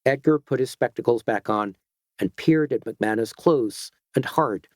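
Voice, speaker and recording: A man narrating an audiobook in a measured, even storytelling voice. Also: medium pitch, no room sound, clean studio sound. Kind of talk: scripted narration.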